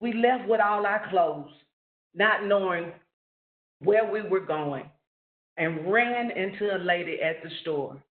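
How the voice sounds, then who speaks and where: A man telling a personal family story in an earnest, storytelling way on a webinar call. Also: on the high side. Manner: slow, earnest storytelling with rising questions. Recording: roomy, phone-like lo-fi webinar audio.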